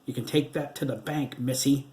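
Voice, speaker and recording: A man's voice: mid-range voice, normal speed, darkish tone, roomy sound, natural voice. A man voicing the stern, unforgiving ghost of a dead husband in an audiobook, mocking and cold.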